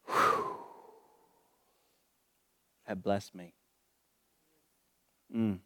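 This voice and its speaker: Fervent low-voiced male preacher. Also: fairly bright tone. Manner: fervent, emotional, drawn-out preaching. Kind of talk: sermon.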